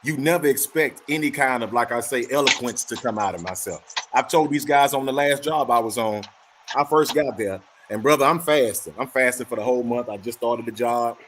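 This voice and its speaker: A man's voice: medium pitch, fairly quick, background noise. A man in casual chat, telling a story animatedly and acting out both sides of the dialogue.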